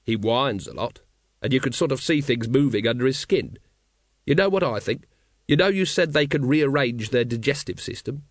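Man playing a gruff tired guard captain, glum, terse, lively intonation, dry close sound. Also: mid-range voice, normal speed, no echo, close to an everyday voice. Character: weary, bitter middle-aged male city guard captain. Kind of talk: audiobook character voice.

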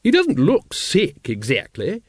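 A man voicing a hearty, brisk aristocratic lady. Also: a little high, huge pitch swings, husky, no echo, clean studio sound, voice pushed up, exaggerated voice. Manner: brisk, breezy, unflustered. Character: hearty, well-meaning large aristocratic woman dragon breeder. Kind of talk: audiobook character voice.

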